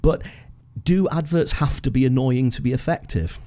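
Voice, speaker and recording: A man in his fifties hosting a podcast, chatting in a relaxed, storytelling way with frequent restarts. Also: medium pitch, moderate pace. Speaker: podcast host and marketing consultant. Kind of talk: casual conversational interview.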